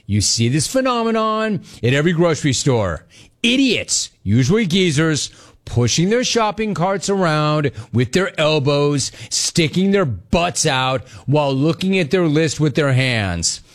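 A middle-aged man hosts a live call-in show, reading out viewer messages and ribbing the senders. His voice sits a little high for a man, and his delivery is brash and jokey. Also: sing-song, a little slow. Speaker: talk show host.

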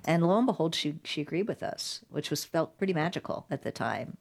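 A middle-aged woman, a guest in an interview, telling stories in a lively way and acting out the voices of the people she quotes. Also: low-pitched, fairly quick, gravelly. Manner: animated storyteller, acts out quoted voices. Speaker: guest, digital rights lawyer. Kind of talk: conversational interview storytelling.

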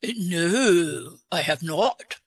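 A woman with a deep voice for a woman, using a put-on English accent as a mystery guest, hesitant and halting with many restarts. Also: expressive, breathy edge, no room sound. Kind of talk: call-in guessing game, disguising her voice.

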